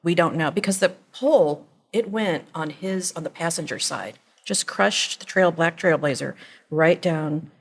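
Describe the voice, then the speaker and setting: A middle-aged woman with a notably low, deep voice, telling a long story on a podcast. She rambles and animates the retelling, chatting casually with her co-host. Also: a little slow, vocal fry, husky.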